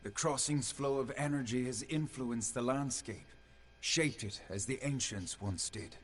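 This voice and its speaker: A man's voice: medium pitch, unhurried, a little hiss or hum, lightly acted. An actor voicing an ancient male fae guardian in a game, speaking in a formal, stately way. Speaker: quest giver. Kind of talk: game dialogue.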